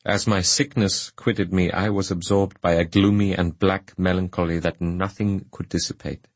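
A man's voice: deep voice, flat delivery, normal speed, no echo. A man reading a classic novel aloud as solemn, earnest first-person narration. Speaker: audiobook narrator.

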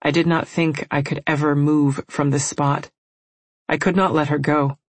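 A woman reading a first-person novel aloud in a measured, emotional storytelling manner. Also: low voice, little pitch movement, no room sound. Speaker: audiobook narrator.

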